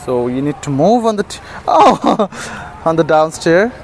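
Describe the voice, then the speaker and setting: Man, high voice, coos pet names at dogs, noisy outdoor street recording. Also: very animated, measured pace. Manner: coaxing, affectionate baby talk, frequent laughs. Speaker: vlogger feeding stray dogs. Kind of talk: casual vlog talk to dogs. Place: outdoors, terrace and stairs in a city.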